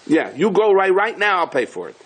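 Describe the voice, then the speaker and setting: A man doing a high-pitched gardener, broken English, insistent, husky. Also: big pitch swings, brisk, fairly bright tone, exaggerated voice. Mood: pleading.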